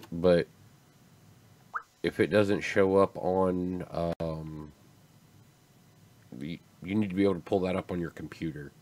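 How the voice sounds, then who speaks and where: A man's voice: low-pitched, a little mellow. A man hosting a livestream, chatting casually in a rambling, laid-back way that often trails off. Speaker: stream host.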